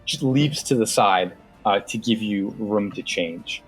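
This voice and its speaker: A man's voice: lowish voice, unhurried, husky, faint music behind. A man narrating a tabletop game as game master, casual, with many fillers.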